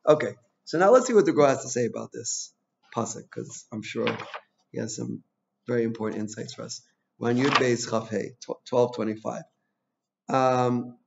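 A man's voice: mid-range voice, creaky. A man teaching an informal Torah class, chatty and full of "you know", telling personal stories and asking his listeners questions. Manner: asks the audience questions. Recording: dull lo-fi recording.

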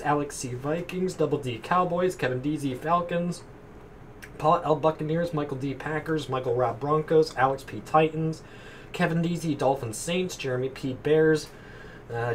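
Man, card break host, jokey, rattles off names, distant from mic, noisy room. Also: a little high. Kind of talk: casual live card-break chat.

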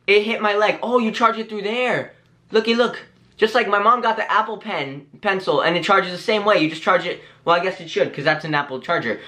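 Excitable young man with a bright voice. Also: sits high, fairly quick. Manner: excitable, chatty, talks straight to viewers. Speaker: YouTube vlogger. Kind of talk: excited unboxing vlog.

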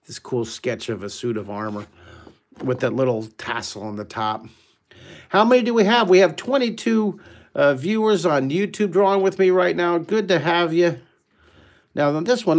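A man hosting a live online drawing lesson, talking excitedly and rambling as he draws and makes up a story. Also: on the high side.

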